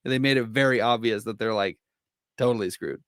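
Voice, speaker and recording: A young man with a mid-range voice talks eagerly about a movie in a casual podcast. The sound is dry and close, and his speech runs in excited bursts packed with fillers. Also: mid-range voice, smooth, no echo. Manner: enthusiastic, many fillers, quick bursts of excitement. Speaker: podcast co-host. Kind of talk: casual film discussion.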